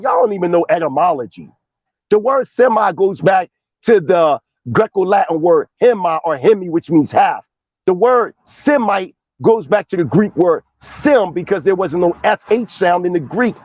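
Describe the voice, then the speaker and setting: A high-pitched man argues in a heated debate, confrontational and emphatic, swearing as he presses each point. His voice comes through a little dull and lo-fi. The sound is dry and close. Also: darkish tone, no room sound.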